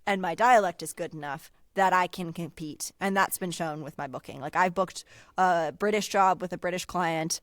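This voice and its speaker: A woman's voice: fairly low pitch, normal speed, a bit bright, no echo. A woman voice actor talking casually as a guest in an interview, chatty and full of filler likes.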